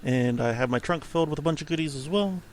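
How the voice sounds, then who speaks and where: A man talks through his gameplay in a loose, rambling way, amused at his own slips. His voice sits at an ordinary middle pitch. There is a faint hiss under the recording. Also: quick pace. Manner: rambling, self-amused, thinking aloud. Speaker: gameplay commentator. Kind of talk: casual let's-play commentary.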